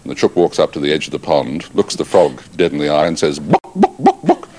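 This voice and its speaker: A man's voice: rumbling low, fast talker. A man chatting on morning television, telling jokes as an event emcee. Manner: jokey storyteller, lively delivery. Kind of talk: casual TV chat.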